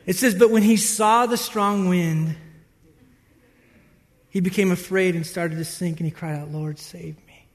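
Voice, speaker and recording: High-voiced pastor preaching in a reverberant hall. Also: male voice, unhurried, pauses often. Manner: animated storytelling, acts out disciples' voices. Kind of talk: sermon.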